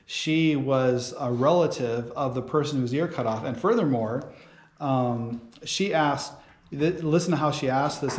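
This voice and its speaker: A man teaching a casual Bible study sermon in a church, rambling with many fillers and restarts. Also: medium pitch. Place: church hall. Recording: roomy church hall sound.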